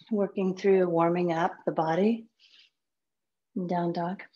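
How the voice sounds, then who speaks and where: Calm slow-cueing yoga teacher woman. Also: fairly low pitch, muffled recording. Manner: calm, sparse one-word cues, some soft whispered counts. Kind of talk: guided yoga class cues.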